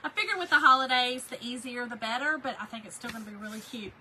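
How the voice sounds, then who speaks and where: A woman's voice: on the high side, fast, pushed and bright, a little hiss or hum, rough recording. A middle-aged woman, chatting folksily while she crafts, laughing often and answering viewer comments. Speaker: craft livestream host. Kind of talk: casual livestream chat while crafting.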